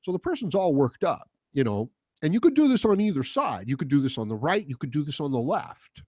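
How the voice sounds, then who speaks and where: A man delivers a heated political monologue in a fairly high voice that leaps around as he gets worked up. He swears and sneers as he mimics the people he is talking about. The recording is dry and close. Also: big pitch swings, fairly quick, a little mellow, no echo. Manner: heated, ranting, profane; mocking quoted voices. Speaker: political commentary host. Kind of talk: casual monologue.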